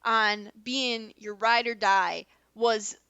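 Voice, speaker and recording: A woman's voice: on the high side, fairly even intonation, takes it slowly, vocal fry, sharp tone, clear, resonant tone, dry recording, lo-fi sound. A woman co-hosting a podcast in casual chat, chatty and gushing, laughing often. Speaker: podcast co-host.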